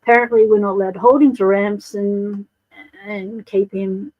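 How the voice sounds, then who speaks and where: A woman's voice: mid-range voice, fairly even intonation, moderate pace, narrow, tinny audio. A woman with an Australian accent hosting a casual livestream, chatting and greeting viewers by name. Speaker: livestream host.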